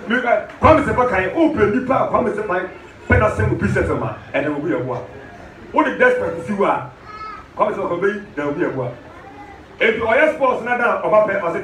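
A man's voice: high voice, sing-song, brisk. A man preaching a sermon, switching between Twi and English, repeating phrases and raising his voice at the peaks. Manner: emphatic, repeats lines back, shouts at peaks. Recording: echoey room, distant mic, faint noise.

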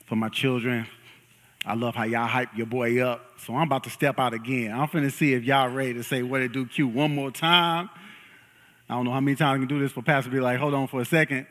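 A young man preaching a sermon in a church, lively and joking as he hypes up the congregation. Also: mid-range voice, fairly quick. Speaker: pastor. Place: church sanctuary. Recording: long reverb of a large hall.

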